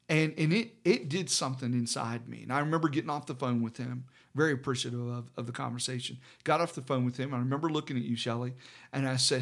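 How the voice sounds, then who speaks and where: A middle-aged man, a pastor, telling a personal story in casual conversation, halting with many fillers and restarts. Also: medium pitch, vocal fry, a bit bright.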